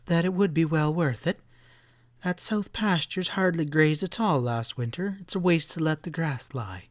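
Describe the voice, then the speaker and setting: In a western audiobook, a man voices a determined, prim middle-aged ranch wife, speaking firmly and insistently. His voice is a little high and a little mellow, close to an everyday voice, at normal speed. The studio sound is clean with no room sound.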